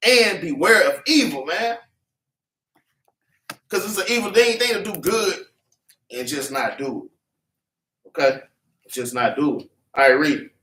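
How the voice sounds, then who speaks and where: A man's fairly high, animated voice comes across pushed and bright, unhurried and marked by long pauses. He's teaching a Bible class in a meeting room with a congregation, preaching in fervent, repetitive street talk and having scripture read back. Recording is distant and echoey.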